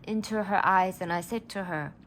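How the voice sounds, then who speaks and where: A woman's voice: mid-range voice, moderate pace, a bit bright, slight background noise. A woman, telling a personal story in a casual vlog, earnest and rambling as she gets emotional. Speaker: vlogger.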